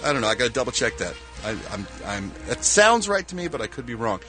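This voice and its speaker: A man's voice: mid-range voice, very animated, fast talker, sharp tone, soft background music. A man hosting an entertainment news segment on a morning radio show, joking and laughing as he banters. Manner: jokey, playful, laughs often.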